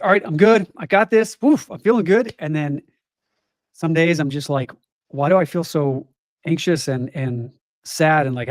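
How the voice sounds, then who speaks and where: A man's voice: medium pitch, darkish tone, dry recording. A middle-aged man speaking as a guest in an interview, talking in an earnest, open and reflective way. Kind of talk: candid interview conversation.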